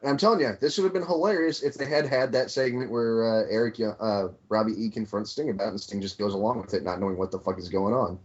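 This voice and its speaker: A man co-hosting a casual wrestling podcast, excitable and stumbling over his openers. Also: lowish voice, fast talker, few pauses. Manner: repeats openers, excitable, swears. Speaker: podcast co-host. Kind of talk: casual wrestling review chat. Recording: dull lo-fi podcast mic.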